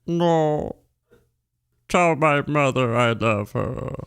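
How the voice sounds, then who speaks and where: A man voicing a meek, timid young man who pleads softly and apologizes in halting phrases. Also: medium pitch, smooth.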